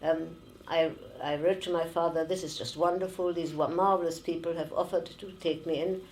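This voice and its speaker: A woman in her nineties with a German accent, giving oral history testimony slowly and haltingly, with many pauses and fillers. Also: sits low, fairly even intonation, a little mellow, slight background noise, low-quality recording. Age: 90s. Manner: slow and halting, with frequent fillers. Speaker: interviewee, former refugee.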